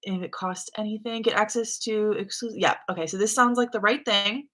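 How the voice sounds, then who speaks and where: A woman's voice: mid-range voice, normal speed. A young woman from the States hosting a casual reading livestream, chatting easily and reading out viewers' messages. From United States. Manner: relaxed, chatty, reads chat aloud. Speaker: livestream host.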